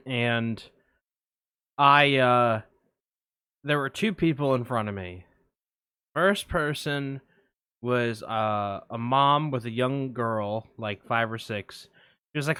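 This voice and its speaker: A man's voice: medium pitch, a bit bright, clean tone, no echo. A man co-hosting a casual podcast, telling a long rambling story with lots of fillers on a close mic. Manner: rambling anecdote, many fillers. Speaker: podcast co-host. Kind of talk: casual film podcast chat.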